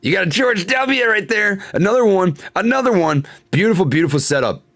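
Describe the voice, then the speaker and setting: A young man with a high-pitched, animated voice and a fairly bright tone talks briskly while hosting a live stock-trading stream. He comments casually on charts and reads chat aloud, venting his frustration, swearing and laughing it off.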